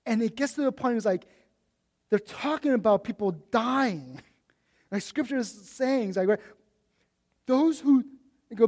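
This man, a pastor, speaks with an extremely high pitch at a measured pace, pausing often. His sermon is conversational and full of restarts, livening up when he imitates his own complaining.

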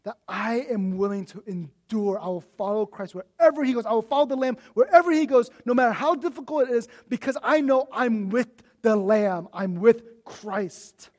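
A man as pastor, giving a conversational sermon with lots of restarts, turning animated when he mimics his own complaints. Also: very high voice, normal speed, few pauses.

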